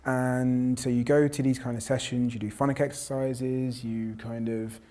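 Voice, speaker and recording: A professor from South London, appearing as a panel guest, tells his personal story in conversation. His mid-range voice is mellow and level at a normal speed, and he's reflective, often restarting and quoting other voices.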